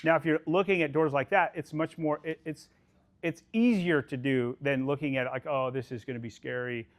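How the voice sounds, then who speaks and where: A man leading a sales team meeting, giving an energetic, profane pep talk and calling people "dude". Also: on the high side. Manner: animated, swears, calls people dude.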